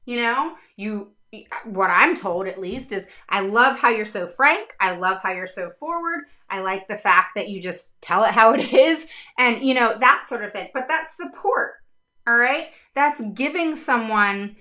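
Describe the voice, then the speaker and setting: A woman's voice: on the high side, expressive, a little slow, bright, forceful tone. A middle-aged woman who works as a special education advocate, talking frankly and bluntly to her viewers, swearing casually.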